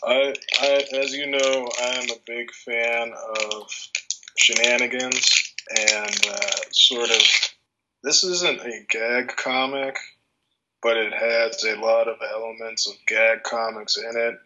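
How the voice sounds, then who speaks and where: A man's voice: medium pitch, flat delivery, takes it slowly, noisy background. A man co-hosting a podcast in casual chat, rambling and hesitant as he searches for words. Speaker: podcast co-host. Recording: dull, muffled lo-fi sound.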